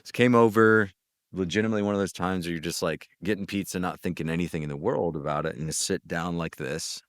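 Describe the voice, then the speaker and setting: Man from north carolina, gritty chest voice, very deep, rambling animated anecdotes, dry sound. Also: fast, dry recording. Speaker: guest voice actor. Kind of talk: casual interview storytelling.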